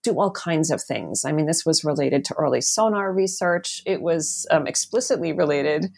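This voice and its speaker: A woman with a low, husky voice and a gravelly fry talks through her research as an author in an interview. She thinks aloud, pausing on ums and restarting her sentences as she goes. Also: expressive, a little mellow. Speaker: author and guest. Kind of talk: academic interview answer.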